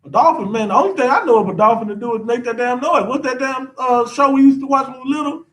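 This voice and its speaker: A man teaching a class in an animated lecture, ranting, constantly checking in with his listeners and tacking "man" onto his sentences. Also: extremely high pitch, quick pace, far from the mic, poor audio. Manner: ranting, keeps asking the audience, says "man" a lot.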